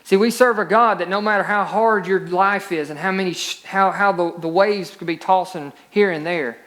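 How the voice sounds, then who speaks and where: A man's voice: high voice, moderate pace, a bit bright. A male pastor preaching a sermon, reading scripture aloud and rising into emphatic peaks.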